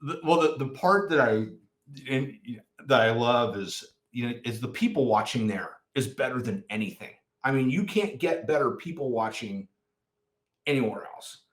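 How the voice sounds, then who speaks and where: A man as a podcast guest, telling stories in a rambling, animated way during a casual chat. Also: medium pitch, moderate pace. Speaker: podcast guest, nonprofit founder.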